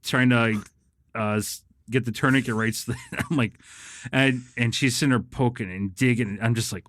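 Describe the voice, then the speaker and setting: A man's voice: mid-range voice, fairly quick, a bit bright, no echo, studio quality. A man telling a story casually, swearing a lot and laughing as he acts out the people in it. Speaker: guest.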